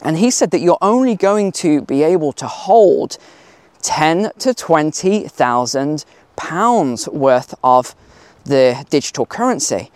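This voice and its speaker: A man's voice: fairly high pitch, lively intonation, slow, dry recording. A man hosting a casual finance talk outdoors on a hill, chatty with emphatic asides. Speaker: finance channel host.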